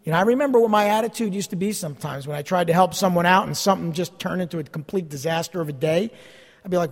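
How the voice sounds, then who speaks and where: Animated man preaching in a reverberant hall. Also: sits high, quick pace, creaky, husky. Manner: animated storytelling with self-deprecating humor. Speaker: pastor. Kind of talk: sermon.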